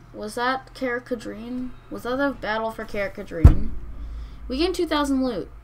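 A woman's voice: on the high side, a little hiss or hum, poor audio. A woman hosting a let's-play, commenting casually on her strategy game in a rambling, hesitant way that keeps correcting itself. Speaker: gaming channel host.

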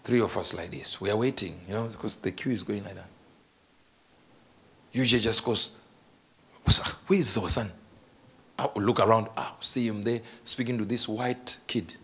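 A man preaching a sermon as a story, animated and jokey, laughing between his lines. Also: on the low side, normal speed, long pauses, slightly rough.

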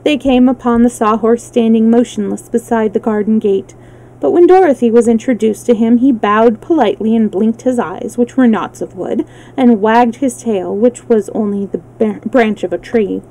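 Warm woman reading a storybook. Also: a little high, normal speed, rough recording. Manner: relaxed, with small slips and self-corrections. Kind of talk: reading a children's book aloud. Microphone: livestream mic.

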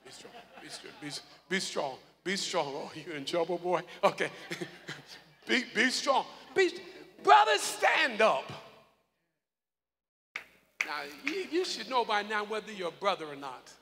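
A male pastor preaching a live sermon, calling on congregation members by name and breaking into loud shouts. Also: sits high, animated, moderate pace. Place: large church hall. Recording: live in a reverberant hall with congregation.

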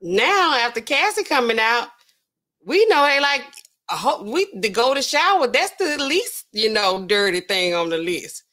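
A woman hosting a live gossip stream, talking in loose, slangy bursts and laughing often. Her voice sits fairly high for a woman and swings up when she gets worked up. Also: sing-song, unhurried, pushed and bright. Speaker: pharmacist host.

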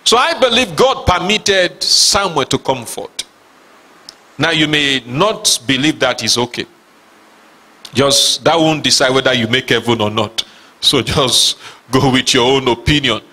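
A man's voice: medium pitch, a little slow, pushed and bright. A man preaching a sermon as pastor, reading scripture aloud with emphasis and asking his listeners questions. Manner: reads scripture aloud dramatically.

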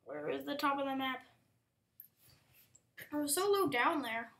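Woman, gameplay commentator, high voice, unhurried pace, excitable outbursts, whispered asides. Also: vocal fry. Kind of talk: casual gaming commentary.

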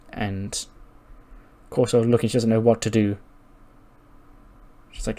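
A man's voice: on the low side, animated, fairly quick, pauses often, dark tone. A man casually narrating a wrestling sim playthrough, swearing now and then. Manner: casual, swears, acts out characters. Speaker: game commentator.

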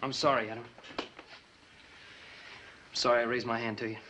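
An actor playing a cocky, hot-headed youngest brother with a brash, teasing manner in a 1950s TV western. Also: male voice, medium pitch, level tone, moderate pace, background noise, close to an everyday voice. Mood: contrite. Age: young adult. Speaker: youngest ranch son.

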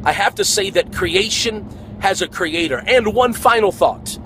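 A man's voice: sits high, animated, a little slow, fairly bright tone, a little hiss or hum, low-quality recording. A man giving an earnest, preachy monologue for an online video.

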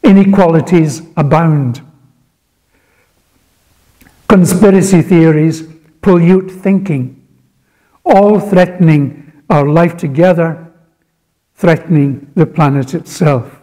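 Male preacher, slightly high, soft-toned voice, slow and earnest delivery. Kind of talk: sermon.

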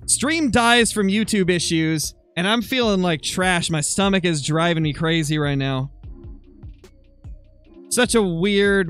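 A young man commentating his hunting game live on stream, excitable and quick to swing into loud frustration. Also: high voice, clear, resonant tone. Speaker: gaming streamer.

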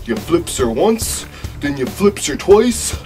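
Young newfoundland guy, chill and cursing, voice a bit high, music playing. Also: sing-song, slow, darkish tone. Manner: laid-back slangy swearing. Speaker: sketch performer. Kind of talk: comedy sketch.

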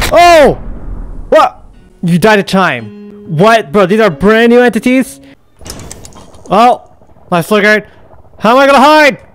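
Excitable high-pitched man gaming commentary. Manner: excitable, yelps and exclaims at scares. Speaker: gaming YouTuber. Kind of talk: let's play commentary.

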